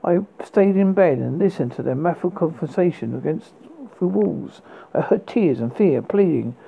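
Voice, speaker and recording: Gravelly man reading a memoir haltingly. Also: fairly high pitch, phone-quality sound, slight background noise. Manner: halting reading with frequent stumbles and restarts. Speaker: reader.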